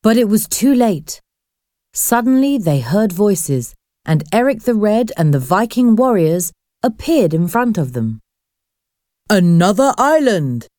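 A woman narrating a storybook in a slow, expressive reading voice. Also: medium pitch, no room sound, studio quality.

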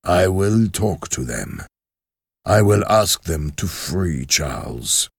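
A man voicing a quiet, resolute elderly male doctor in a storybook reading. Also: deep voice, expressive, slow pace, breathy edge, dry recording, studio quality, exaggerated voice. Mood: grave. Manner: quiet, grave.

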